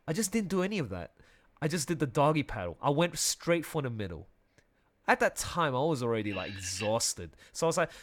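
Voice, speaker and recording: A young man telling a personal story in casual conversation, animated, often laughing and restarting his sentences. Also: on the high side, fairly quick.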